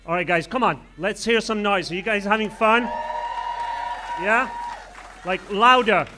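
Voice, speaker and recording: A man's voice: sits high, moderate pace, music in the background. A man from Britain hosting a comedy show, chatting loosely with the crowd and introducing the next comic. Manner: loose, chatty banter with fillers.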